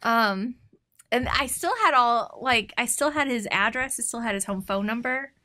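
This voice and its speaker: Bright-voiced woman telling a story. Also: fairly high pitch, moderate pace. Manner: animated, acts out quoted lines. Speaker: podcast co-host. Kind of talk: casual storytelling chat.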